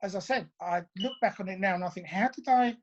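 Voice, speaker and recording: The sound is lo-fi, coming through a phone on a video call, as a British interview guest in his sixties, an ex-drummer from a band, talks quickly in a high voice. He rambles chattily through a story at his own expense, performing his own thoughts as he goes.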